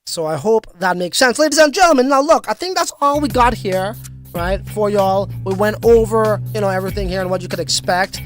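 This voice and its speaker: A man's voice: sits high, fairly quick, faint music behind. A man hosting a crypto livestream, chatting casually and reading viewer comments in a slangy, hyped-up way with lots of fillers. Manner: casual, slangy, hype-driven with frequent fillers.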